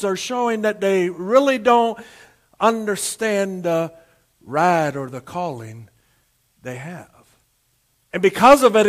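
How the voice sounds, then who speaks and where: High-voiced folksy pastor. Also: male voice, a bit bright. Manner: folksy storytelling, drawn-out emphatic phrasing. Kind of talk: sermon. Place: church service streamed to homes.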